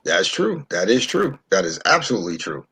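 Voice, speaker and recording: A man from New York in casual discussion, an animated storyteller who repeats himself. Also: medium pitch, fairly quick, gravelly, slightly rough.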